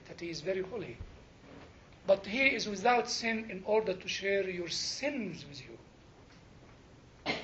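An older man preaching a sermon, telling stories and jokes with animated emphasis and frequent laughter. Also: sits high, muffled recording, a little hiss or hum.

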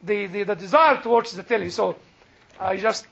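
High-voiced older Egyptian man teaching. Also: normal speed, vocal fry, a bit bright, a little hiss or hum. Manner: chatty, laughs often, many restarts. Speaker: Bible teacher. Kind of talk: sermon with storytelling. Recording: dull lo-fi recording.

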